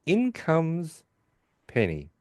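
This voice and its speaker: A man hosting a podcast, casually retelling a sitcom episode and voicing quick quotes from the characters. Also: fairly high pitch, huge pitch swings, darkish tone, no echo, clean studio sound. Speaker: podcast host. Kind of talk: casual recap chat.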